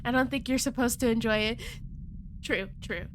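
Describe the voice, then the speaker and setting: A woman's voice: a little high, moderate pace, a little hiss or hum. A woman streamer reading a game's text aloud, breaking off into playful asides and stifled giggles, keeping her voice down at night. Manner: giggly, playful asides, stumbles over words; holding back laughter, kept quiet at night. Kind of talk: reading a game aloud with casual commentary.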